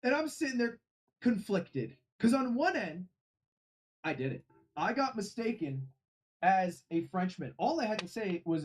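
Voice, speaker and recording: A man streaming and casually telling an animated story, swearing freely along the way. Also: high voice, measured pace, a little hiss or hum. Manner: animated and profane.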